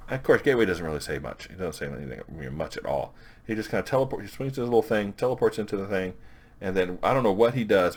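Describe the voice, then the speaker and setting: A man giving a casual, rambling review of a comic issue, recapping scenes and quoting characters' dialogue. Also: deep voice. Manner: rambling, with restarts and quick quoted dialogue.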